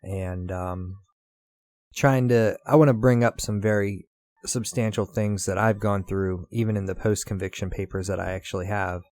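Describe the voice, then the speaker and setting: A man's voice: fairly low pitch, steady tone, moderate pace, a little mellow. A man co-hosting a casual podcast, talking loosely with many fillers and a slight Southern twang. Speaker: podcast co-host.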